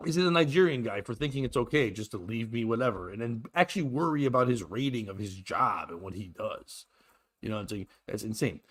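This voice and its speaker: A middle-aged man rants through a comic story on his podcast. He sounds crude and exasperated, and his voice sits at an ordinary middle pitch for a man. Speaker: podcast host. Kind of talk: solo comedic storytelling.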